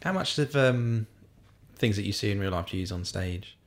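An English man hosting a podcast, trading quick, playful banter in a casual chat. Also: lowish voice, lively intonation.

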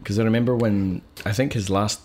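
A British man co-hosts a casual film podcast in a very low voice. He talks in a measured, thoughtful way, weighing things up as he explains. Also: fairly even intonation, darkish tone, a little hiss or hum. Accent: British English. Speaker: podcast co-host.

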